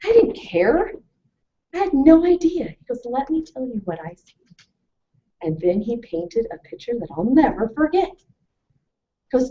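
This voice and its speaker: A woman presenting a lively talk to a live audience, telling stories and asking questions. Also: medium pitch, normal speed, a little hiss or hum. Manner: animated storytelling, asks the audience questions. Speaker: webinar presenter. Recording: distant mic, muffled lo-fi sound.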